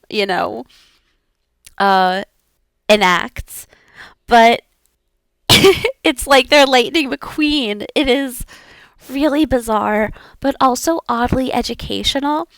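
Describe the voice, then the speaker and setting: A woman's voice: on the high side, fairly bright tone, dry recording. A woman VTuber practicing her language lessons aloud in a casual, rambling way, often giggling and using many fillers.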